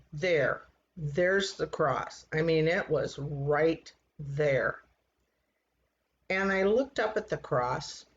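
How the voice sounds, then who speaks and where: Woman in her 60s, faith testimony, slow unhurried delivery, earnest and halting, dull lo-fi recording. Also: sits low. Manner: earnest, halting, repeats words. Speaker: church member giving testimony.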